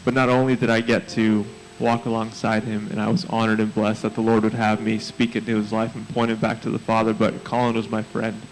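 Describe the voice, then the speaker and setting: Earnest man giving a flat, heartfelt tribute. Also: lowish voice, fairly quick, hardly any pauses, faint music behind, rough recording. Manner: earnest, heartfelt and prayerful, with a fairly flat delivery. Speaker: mentor speaking at a memorial. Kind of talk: memorial tribute.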